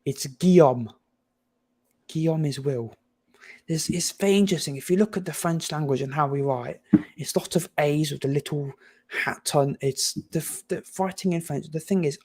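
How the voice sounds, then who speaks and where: A young man from England giving opinionated, animated takes in a casual football chat, often stumbling and restarting. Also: a little high, moderate pace. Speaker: panelist.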